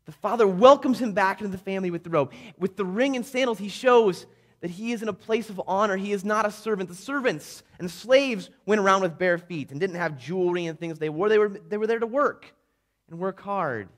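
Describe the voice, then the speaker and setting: A man preaching a sermon, retelling a story vividly and swinging between loud emphasis and hushed tones. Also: high-pitched, a little fast.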